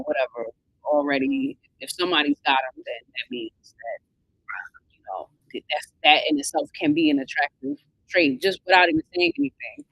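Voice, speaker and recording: A woman with a gravelly edge to her voice, hosting a casual live conversation as a financial coach. Her pitch moves freely up and down while she talks things through, pausing to search for the right words. The sound is dry and close. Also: no room sound, rough recording. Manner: thoughtful, searching for words with many fillers.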